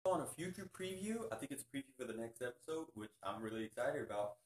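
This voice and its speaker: A man hosting a casual TV review vlog, talking excitably and peppering his speech with "freaking.". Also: medium pitch, fast, slight background noise. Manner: excitable, keeps saying "freaking". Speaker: YouTube reviewer. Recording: roomy echo.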